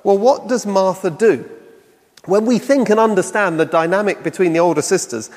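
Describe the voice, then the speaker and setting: A man's voice: sits high, normal speed, a little mellow, long reverb tail. A man preaching a sermon in a conversational way, often putting rhetorical questions to the listeners.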